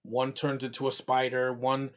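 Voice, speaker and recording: A man's voice: medium pitch, completely flat delivery, moderate pace. Man, from New York, casual movie review, rambling, full of fillers. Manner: rambling, with lots of fillers and restarts.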